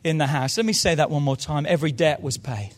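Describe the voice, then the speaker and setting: A man preaching a sermon in a church service, moving fervently from quiet low asides to loud shouted calls. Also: fast. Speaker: pastor.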